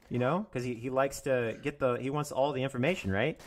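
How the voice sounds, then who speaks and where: A man's voice: mid-range voice, quick pace. A young man ranting on his own live stream, angry and profane, mocking others in put-on voices and laughing often.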